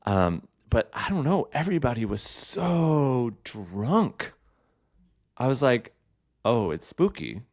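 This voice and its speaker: A man's voice: medium pitch, big pitch swings, slow pace, darkish tone, no echo, clean studio sound. A man hosting a podcast, chatting casually and campily with lots of fillers and asides. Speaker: podcast host. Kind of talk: casual solo chat.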